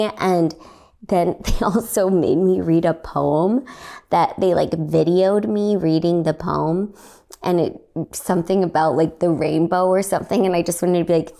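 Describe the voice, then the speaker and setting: A young woman telling a story in a casual, rambling way, her voice slightly raspy and hoarse, laughing often. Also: on the low side, moderate pace, dark tone. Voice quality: slightly raspy, recovering from lost voice. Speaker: podcast host and stand-up comedian.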